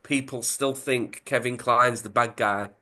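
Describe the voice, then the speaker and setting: Brief: male host, conversational, mid-pitched, narrating with energy. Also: unhurried. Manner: chatty, animated storytelling. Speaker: podcast host. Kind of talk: casual story retelling.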